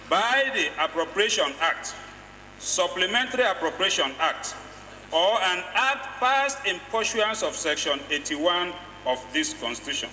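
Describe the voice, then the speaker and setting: A man's voice: sits high, pushed and bright, slight background noise. A Nigerian man addressing parliament, quoting law and stressing single words emphatically. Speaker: lawmaker. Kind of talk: parliamentary speech. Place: legislative chamber. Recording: echoey chamber from a distance.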